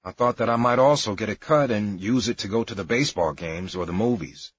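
A man's voice: fairly low pitch, fairly quick, slightly rough, no room sound. A man narrating a memoir in a wry, matter-of-fact storytelling manner. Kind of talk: memoir audiobook reading. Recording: dry, dull lo-fi recording.

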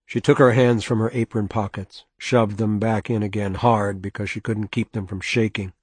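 A man narrating an audiobook in measured, even storytelling. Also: on the low side, slightly rough, dry recording. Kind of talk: scripted narration.

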